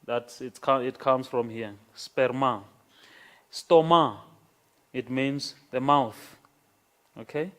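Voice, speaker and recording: Slow-paced man teaching a grammar class. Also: medium pitch, steady tone, fairly bright tone. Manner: slow, repeats words and checks in with "okay?". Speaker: lecturer. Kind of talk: classroom lecture on Greek grammar.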